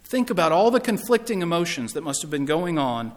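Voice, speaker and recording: Guy preaching a sermon, kinda high voice, goes loud then real quiet, long hall echo. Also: a little fast. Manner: expressive storytelling, swings from loud to hushed.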